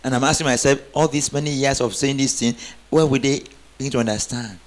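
A man's voice: mid-range voice, steady tone, fast. A man preaching a sermon, calling on the congregation to answer back and rising into emphatic exclamations. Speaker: pastor.

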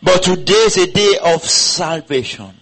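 A man preaching a sermon to his church in a somewhat high voice that leaps up and down all the time. He keeps asking his listeners questions and has them say his lines back to him. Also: animated, unhurried, fairly bright tone, poor audio. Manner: preaching with call-and-response and rhetorical questions. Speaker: pastor. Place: church congregation.

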